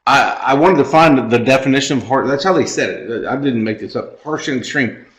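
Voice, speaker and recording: A man co-hosting a podcast, chatting casually and sarcastically about politics, often halting with fillers and restarts. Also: mid-range voice, echoey room, poor audio. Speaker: podcast co-host.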